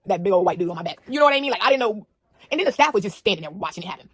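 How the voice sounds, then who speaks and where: A young woman telling a story in a casual, animated, slangy way, full of fillers and asides to the viewer. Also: mid-range voice, racing, breathy edge, no echo.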